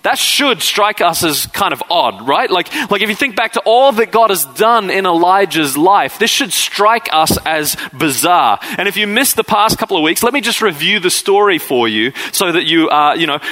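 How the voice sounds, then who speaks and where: Man, pastor, casual sermon, bright tone, slightly high voice, acts out the characters. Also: poor audio. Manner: conversational preaching, acts out quoted figures.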